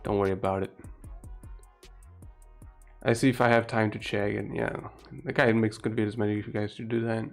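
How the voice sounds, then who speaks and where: Portuguese guy streaming at 2am, talks quiet, laughs a lot, swears, chill. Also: flat delivery, moderate pace, long pauses, faint music behind. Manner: keeps voice low, laughs often, swears casually. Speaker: streamer reacting live. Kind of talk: casual live-stream commentary. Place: home room at night.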